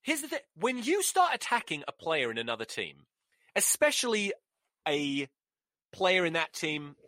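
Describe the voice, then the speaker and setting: A man's voice: fairly high pitch, big pitch swings, normal speed, pushed and bright, no room sound, studio quality. A man, hosting a solo podcast and ranting with profanity and sarcasm. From England. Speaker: podcast host. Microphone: close mic.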